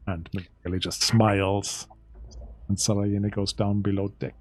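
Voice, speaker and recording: A husky, somewhat low-voiced man running a tabletop game, describing scenes and stopping now and then to sort out the rules. English is his second language, with German as his first. Faint music plays under his voice. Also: little pitch movement, moderate pace. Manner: descriptive, stops to check rules. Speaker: game master.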